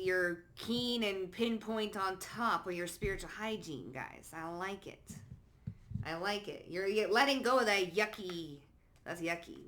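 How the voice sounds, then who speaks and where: Here a psychic card reader talks through a casual reading, cursing liberally and using pet names like honey and baby. Her manner is blunt, sassy and emphatic, veering between quiet asides and loud bursts.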